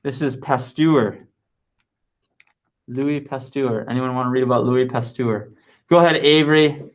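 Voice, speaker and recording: A man with a medium-pitched voice leads a lively classroom science lesson, talking with his students and dictating answers slowly, repeating them. The recording quality is low.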